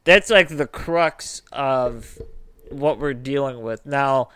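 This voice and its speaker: A man's voice: mid-range voice, slow pace, a bit bright, clean tone. A man co-hosting a podcast in casual, joking chat, swearing freely and drifting into tangents. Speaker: podcast co-host.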